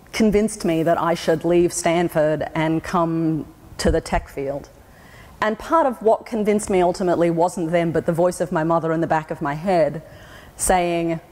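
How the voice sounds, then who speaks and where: Delivering a humorous conference keynote, an Australian woman tells dry, witty stories and imitates others' voices. She has a fairly low, dark-toned voice, and the hall adds a long reverb.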